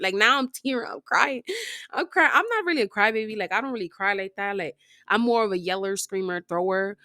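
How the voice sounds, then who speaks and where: A woman telling a story casually over gameplay, retelling it in an animated, slangy way with constant fillers. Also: medium pitch, a little fast, no room sound, studio quality. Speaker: storytime vlogger.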